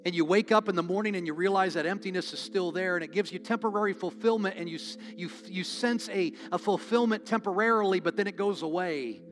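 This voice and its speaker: A man's voice: high voice, quick pace, hardly any pauses, a bit bright. A man preaching as a pastor, leading an altar call with earnest, pleading, repetitive appeals to a congregation in a church. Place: church sanctuary.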